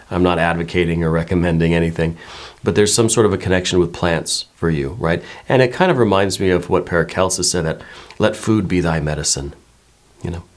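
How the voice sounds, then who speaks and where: A man with a very low voice gives a slow, gentle tarot reading. He muses and meanders, hedging his guesses and checking in with viewers as he goes. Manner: musing and meandering, many hedges and repeated "right?". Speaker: tarot reader.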